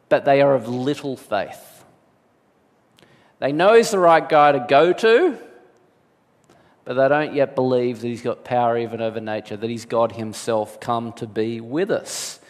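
A man preaching a sermon as a pastor, animated, switching into quoted voices with big jumps in pitch. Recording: long hall reverb.

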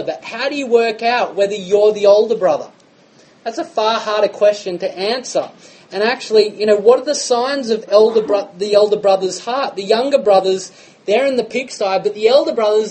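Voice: medium pitch, moderate pace, a little mellow, poor audio. A preacher, giving a conversational sermon full of rhetorical questions.

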